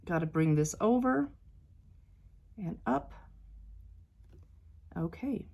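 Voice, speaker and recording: A woman quilting vlogger talks casually to her viewers while she sews, calling them "you guys," worrying aloud and then cheering herself on. Her mid-range voice is animated, slow and gravelly, and the recording has a lo-fi sound. She comes across as chatty and self-doubting.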